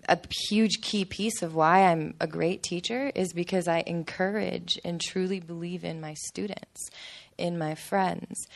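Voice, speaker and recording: A woman's voice: on the low side, creaky. Earnest chatty woman, a teacher. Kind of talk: casual personal sharing.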